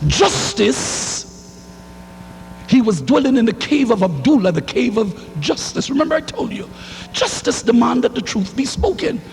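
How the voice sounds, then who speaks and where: A man preaching a sermon in a church, swinging into shouted lines and calling for responses from the congregation. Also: very high-pitched, big pitch swings, a little slow, creaky. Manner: fiery, rising to shouts, call-and-response. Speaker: pastor. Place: church sanctuary. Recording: hall reverb, faint hum.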